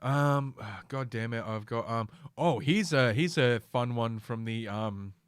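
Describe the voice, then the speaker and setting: A man's voice: medium pitch, a little slow, clean tone, no echo, clean studio sound. A middle-aged man hosting a casual solo podcast, ranting in a profane, sardonic, rambling way from a home room. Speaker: podcast host.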